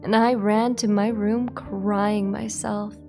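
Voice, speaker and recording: Slow, deadpan woman reading aloud. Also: mid-range voice, soft background music. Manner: deadpan with sarcastic asides. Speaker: virtual streamer reading aloud. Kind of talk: comic dramatic reading of a fan fiction.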